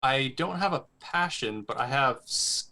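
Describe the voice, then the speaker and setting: A man playing a character in a tabletop game, halting and stammering as he speaks. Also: medium pitch, expressive, sharp tone. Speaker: player. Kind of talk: casual tabletop play.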